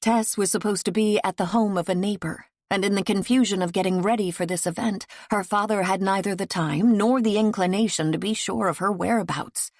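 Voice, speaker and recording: A woman narrating an audiobook in a soft, steady reading voice on a close mic. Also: medium pitch, fairly quick, hardly any pauses, no echo. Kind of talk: scripted narration.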